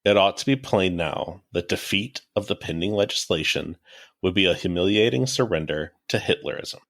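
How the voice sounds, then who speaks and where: A man co-hosting a history podcast in casual chat, laid-back and quick to react. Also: deep voice, fairly bright tone. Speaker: podcast co-host.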